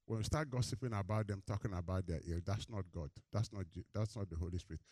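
A fast-talking male pastor delivers a sermon, recorded with no room sound. He lets the congregation finish lines of verses and tells animated stories whose energy keeps rising, climbing high and loud in the anecdotes.

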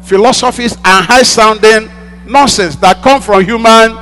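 A man's voice: sits high, unhurried, sharp tone, faint music behind. A male pastor preaching a sermon, repeating lines for emphasis and prompting the congregation to answer back. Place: church hall. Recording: long hall reverb with mains hum.

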